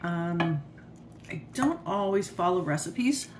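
A woman's voice: lowish voice, expressive, slow pace. Woman chatting thru her home cooking vlog, eats on cam, talks w her mouth full, bit of faint kitchen hum. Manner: chatty, self-praising, eats on camera while talking. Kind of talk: casual cooking and eating vlog.

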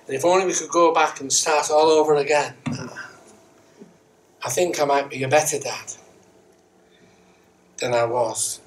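A man's voice: fairly high pitch, fairly even intonation, unhurried, long pauses. A middle-aged man giving a Sunday sermon in church, chatty and self-mocking, with repeated rhetorical questions. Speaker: Methodist minister. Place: church sanctuary, indoors. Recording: distant church mic with faint hiss.

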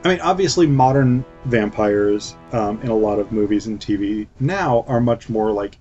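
A man's voice: on the low side, normal speed, darkish tone. A man giving casual film commentary in a flippant, chatty way, with lots of fillers. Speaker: film reviewer. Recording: dull lo-fi recording with faint music.

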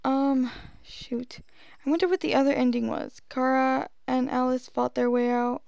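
A young woman giving excitable let's-play commentary, gasping and repeating herself. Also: high voice, normal speed, gravelly, clean tone, no room sound, clean studio sound. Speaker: gaming streamer.

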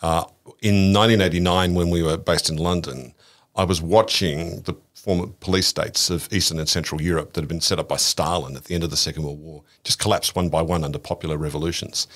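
Low-voiced older Australian man telling stories. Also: a little fast. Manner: animated, acts out voices in anecdotes, frequent restarts. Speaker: interview guest. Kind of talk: storytelling interview.

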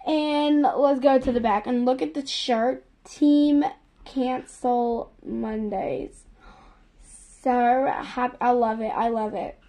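A young woman filming a casual unboxing vlog, gushing and excitable, piling up "literally" and "so excited". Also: a little high, slow pace. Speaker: vlogger.

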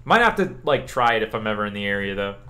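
This fast-talking young streamer from Louisiana has a fairly low voice. He chats with viewers in a relaxed, wandering way, takes their questions, and says "like" again and again.

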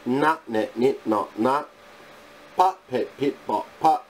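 A man leads a phonics drill, pronouncing each sound and word on its own at an extremely slow, measured pace. His voice sits in a middle pitch, and a faint hum of room noise lies under it. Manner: deliberate, clipped word-by-word recitation. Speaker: English teacher.

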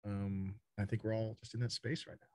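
A man's voice: on the low side, level tone, brisk, a little mellow, no echo, clean studio sound. A man from Texas, a startup founder speaking as a podcast guest, talking bluntly and casually, swearing and repeating words as he goes.

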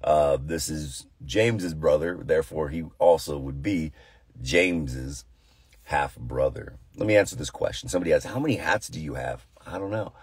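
A pastor praying and then talking casually about scripture, with a deep, tired voice and an earnest, conversational manner full of fillers and restarts. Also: male voice, normal speed, slightly rough, no room sound. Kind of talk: prayer and casual devotional talk.

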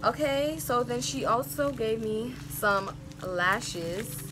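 A woman vlogging on her phone outdoors at home, chatty, excitable and full of slang. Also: fairly high pitch, takes it slowly. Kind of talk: casual vlog chat. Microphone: phone camera. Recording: clear outdoor background noise. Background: neighbors' music, outdoor ambience.

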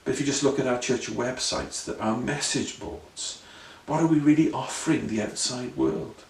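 A man's voice: mid-range voice, moderate pace, creaky, darkish tone, slight background noise. A man preaching an earnest sermon full of rhetorical questions and repeated phrases. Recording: roomy sound, voice from a distance.

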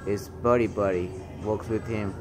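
A man's voice: lowish voice, steady tone, a little slow, over music. A store cashier, a man, narrating security footage with heated, indignant commentary and name-calling. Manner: indignant, heated, calls people names. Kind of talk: angry commentary over video.

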